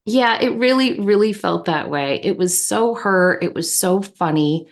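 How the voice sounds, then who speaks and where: A woman co-hosting a podcast, telling a personal story in a casual, animated, anecdotal way. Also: medium pitch, unhurried. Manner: animated, anecdotal, warm laughter. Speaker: podcast co-host.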